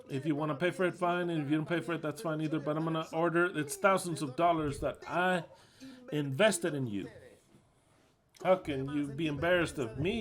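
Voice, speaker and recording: A man interpreting a preacher live, his voice sitting a little high. He talks in an agitated, emphatic way, swearing and repeating lines for force. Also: steady tone, a little fast. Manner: agitated, cursing, emphatic repetition. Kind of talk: live spoken interpretation of a heated sermon talk.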